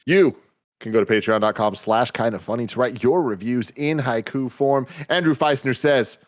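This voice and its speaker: A man's voice: medium pitch, moderate pace. A man hosting a podcast, reading listener poems aloud with a dry, wry manner. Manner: wry, reads listener submissions. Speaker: podcast host.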